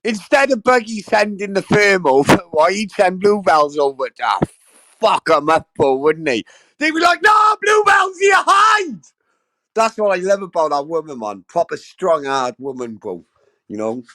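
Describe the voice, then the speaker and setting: A man's voice: a little high, expressive, moderate pace, a bit bright. A man hosting a casual livestream, talking straight to his chat in a sweary, effusive, rambling way. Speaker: livestream host.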